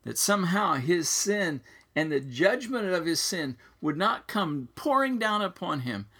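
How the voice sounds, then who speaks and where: A man preaching a sermon in a slow, earnest way, his pitch rising and falling widely. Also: very animated, bright, forceful tone, slightly rough.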